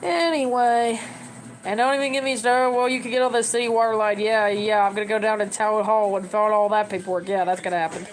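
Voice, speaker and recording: A woman's voice: mid-range voice, steady tone, fast talker, low-quality recording. A woman in her thirties talking casually to her camera, rambling and giving advice. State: tearful. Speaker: vlogger.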